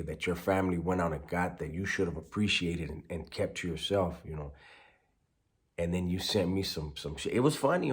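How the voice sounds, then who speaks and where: A former prisoner telling a story in casual street slang, sprinkling in Spanish words. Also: male voice, deep voice.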